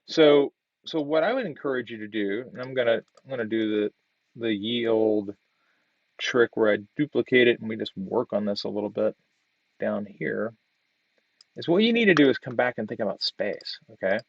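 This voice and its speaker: A man's voice: medium pitch, animated, normal speed, gravelly, no echo, muffled recording. A man giving casual design feedback on a student project while working on screen, thinking aloud with lots of fillers and restarts. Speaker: design instructor. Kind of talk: screen-share design critique.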